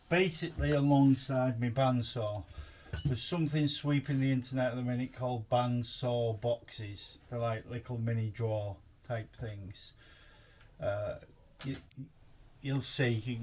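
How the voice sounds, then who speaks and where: A man's voice: mid-range voice, a little mellow, slight background noise. A man chatting casually in his home garage as he unboxes and reviews a tool, rambling and thinking aloud as he goes. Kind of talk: casual chat while unboxing.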